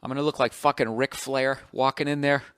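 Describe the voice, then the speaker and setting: A man in his forties with a Boston accent, telling a profane, exasperated story with sudden loud outbursts on his podcast. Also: medium pitch, fairly even intonation, a little fast, clear, resonant tone, dry recording, studio quality. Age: 40s. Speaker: podcast host. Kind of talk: ranting comic monologue.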